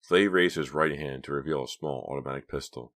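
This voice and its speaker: Very deep-voiced male story narrator. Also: a little fast, fairly bright tone. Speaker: audiobook narrator. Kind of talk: scripted narration.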